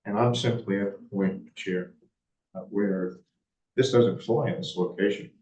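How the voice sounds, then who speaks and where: A board member on a town board raises blunt, forceful objections during a public meeting. His voice sits on the low side, steady and unhurried with a slightly mellow quality. The municipal meeting room audio sounds dull, distant and echoey.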